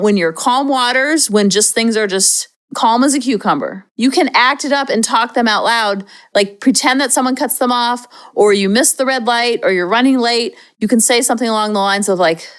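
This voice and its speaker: Upbeat chatty woman podcast host. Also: fairly high pitch. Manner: chatty and upbeat, slips into playful acted demonstrations. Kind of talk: casual advice monologue.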